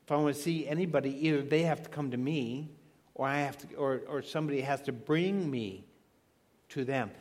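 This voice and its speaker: A middle-aged man preaching a sermon, stressing key words by slowing down and asking the listeners rhetorical questions. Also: mid-range voice, a little mellow.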